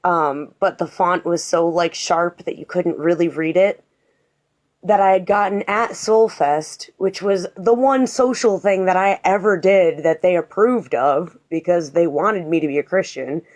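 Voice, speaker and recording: A woman's voice: on the low side, measured pace, darkish tone. A woman telling a personal story in a casual, sarcastic and emphatic manner.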